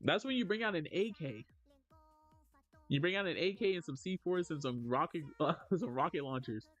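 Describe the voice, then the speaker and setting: A man streaming casually, reading chat aloud and answering in an animated, joking way. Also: on the high side, moderate pace, lo-fi sound, faint music behind.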